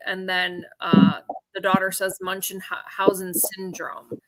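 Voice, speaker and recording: A woman co-hosting a live stream, calmly reading through screenshots and texts. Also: mid-range voice, takes it slowly. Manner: matter-of-fact, reads out screenshots and texts. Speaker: co-host and auction seller. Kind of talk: live-stream talk walking through a timeline.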